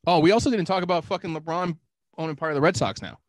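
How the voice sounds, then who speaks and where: A man co-hosting a podcast in casual chat, animated, swearing often and laughing a lot. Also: fairly high pitch, fast, dry recording, rough recording. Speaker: podcast co-host.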